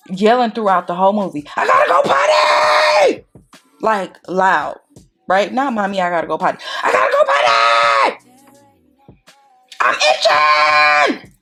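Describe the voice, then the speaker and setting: A young woman chatting casually while doing her makeup, telling a story in an animated way and acting out what people said. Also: mid-range voice. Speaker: beauty vlogger.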